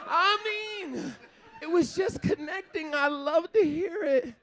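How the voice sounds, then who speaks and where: Performing live stand-up in front of an audience, he talks with lots of animation, laughs in between jokes and slips into funny character voices. His pitch is very high and his pace measured.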